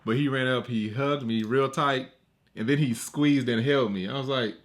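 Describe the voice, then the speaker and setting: A man in his thirties, a podcast co-host, chatting casually and telling stories about his kids, acting out their lines in raised voices. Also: normal speed. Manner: animated storyteller, acts out quotes in high voices. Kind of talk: casual chat.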